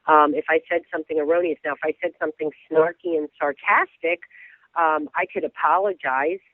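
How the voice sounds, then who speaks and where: A woman from Florida calling in as a guest blogger, chatty and self-deprecating, quick to laugh. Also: deep voice, fairly even intonation, no room sound. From Florida, USA. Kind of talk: phone interview. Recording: tinny phone line, dry.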